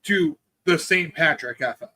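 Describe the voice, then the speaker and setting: A man co-hosting a casual sports chat, quick and bantering. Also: on the high side, sharp tone, no echo. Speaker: co-host.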